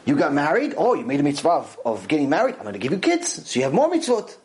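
A man giving a lively religious lecture as a Torah teacher, repeating phrases for emphasis and acting out quotes. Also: fairly high pitch, quick pace, poor audio.

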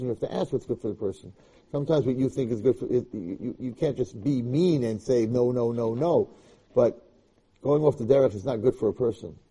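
A man with a very dark, mellow voice and a husky edge, teaching as a rabbi. He speaks with passion and emphasis, often repeating himself and restarting his sentences as he drives each point home. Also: medium pitch. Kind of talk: Torah lecture.

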